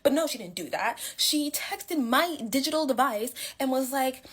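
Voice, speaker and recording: A woman's voice: sits high, lively intonation, moderate pace, a bit bright, breathy edge. A young woman telling a story casually, chatty with lots of fillers and dramatic swings in her voice.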